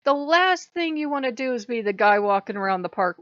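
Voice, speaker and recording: A woman chatting casually to her channel, animated and laughing often as she slips into mock voices. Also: a little high, a little fast, few pauses, smooth, no echo, lo-fi sound. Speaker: YouTuber.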